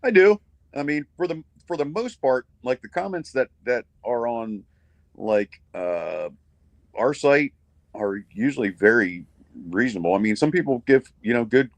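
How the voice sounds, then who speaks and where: A man's voice: medium pitch, animated, normal speed, no echo. A middle-aged man, a guest musician on a video call, chatting casually in a rambling way with frequent restarts and the odd swear word. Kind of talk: casual chat.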